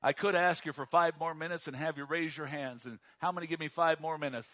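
A man preaching a sermon in a dramatic style, dropping to a hush and then rising to a shout. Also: fairly high pitch, steady tone, a little fast, no echo, clean studio sound. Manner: dramatic, swings from hushed to shouting.

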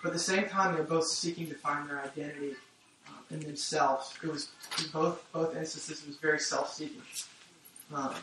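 A man's voice: a little high, fairly even intonation, normal speed, noisy background. A man giving a casual, conversational sermon with many fillers and restarts, recorded from a distance in an echoey room. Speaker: preacher.

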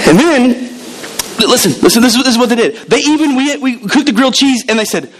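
Guy pastor preaching, high voice, animated stories, stumbles over repeated words. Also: moderate pace, long pauses, a little hiss or hum, rough recording. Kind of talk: sermon.

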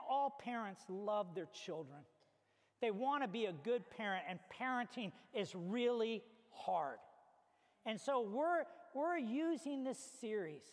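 A man preaching a sermon as a pastor, telling stories with animated acted-out little scenes. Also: very high-pitched. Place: church hall. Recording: reverberant hall.

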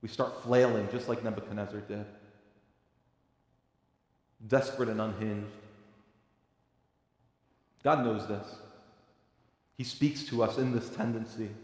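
A man's voice: fairly low pitch, fairly even intonation, a little slow, long pauses. Preaching man in an echoey hall. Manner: swings between quiet reflection and loud emphatic preaching. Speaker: pastor. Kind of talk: sermon. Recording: echoey hall with long reverb.

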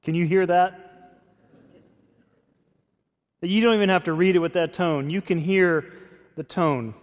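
A man pastor preaching a sermon in a conversational, expressive way. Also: high voice, measured pace. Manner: conversational, expressive, acts out scripture quotes. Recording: long hall reverb.

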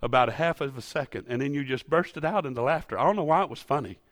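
A man preaching a sermon in a church, folksy and storytelling, rising to loud emphatic peaks. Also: mid-range voice, fast talker, dry recording. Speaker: pastor. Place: church sanctuary.

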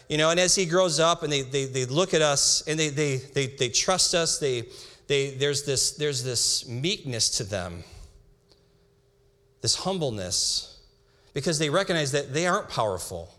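A young man preaching a sermon, reading scripture slowly with emphasis and breaking into casual asides. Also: fairly high pitch, animated, bright, forceful tone. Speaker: pastor. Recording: hall reverb.

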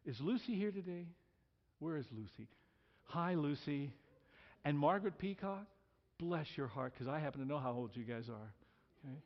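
A man's voice: fairly high pitch, expressive, normal speed, big-room sound, muffled recording. A man in his sixties preaching an emphatic sermon as a pastor, leading the congregation in call-and-response. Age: 60s. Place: church sanctuary.

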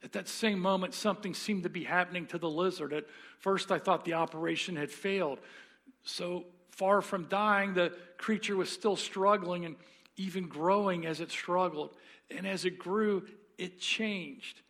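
A pastor with a fairly high voice preaching a sermon. He tells the story earnestly and leans into dramatic pauses. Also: fairly bright tone.

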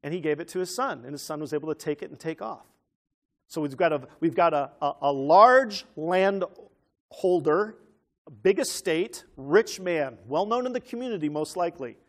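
A man preaching an animated teaching sermon who keeps asking his listeners questions. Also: a little high, normal speed.

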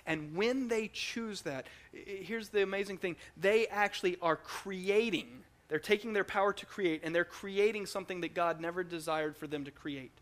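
A man preaching a teaching sermon in an emphatic, animated way, often repeating words as he goes. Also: a little high.

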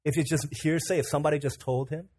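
A young man preaching a sermon, animated and casual, who tells stories and acts out the voices of the people in them. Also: fairly high pitch, fast talker, husky. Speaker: pastor.

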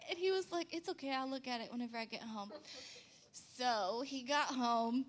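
A young woman casually telling a funny story about her husband, acting out quotes with big jumps in pitch and laughing often. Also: moderate pace.

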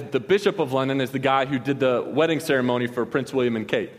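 A man's voice: mid-range voice, fast talker, hardly any pauses, in a large hall. A young man preaching, telling a story in a loose, slangy way with many restarts. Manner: casual, rambling, with slangy asides and many restarts. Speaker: pastor. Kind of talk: storytelling sermon.

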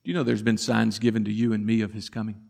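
A man preaching a sermon, telling the story dramatically and swinging from loud to hushed. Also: lowish voice, flat delivery, fast, creaky. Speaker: pastor.

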